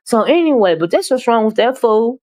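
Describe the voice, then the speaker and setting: On her casual live stream, a woman with a slightly high voice gives animated, chatty commentary, now and then rushing her speech and calling her audience "child" and "honey."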